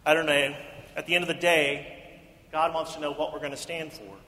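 A man's voice: fairly high pitch, little pitch movement, moderate pace, sharp tone. A male pastor preaching an earnest sermon full of rhetorical questions, speaking in a house of worship. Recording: echoey hall reverb.

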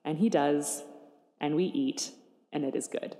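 A woman preaching a sermon in a church, gentle and conversational with a wry touch. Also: on the low side, moderate pace. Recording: echoey church hall.

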